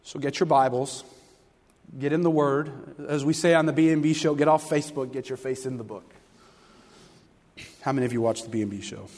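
A man preaching a sermon to a congregation, telling stories with animated, fervent delivery. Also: medium pitch, brisk, long pauses. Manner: animated storytelling, rising to loud fervent passages. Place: church sanctuary. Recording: long hall reverb.

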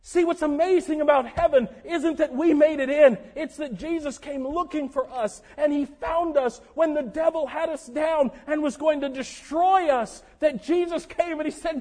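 High-voiced animated male preacher. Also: moderate pace. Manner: animated, conversational preaching with sudden shouts. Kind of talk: sermon. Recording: long echo of a large hall.

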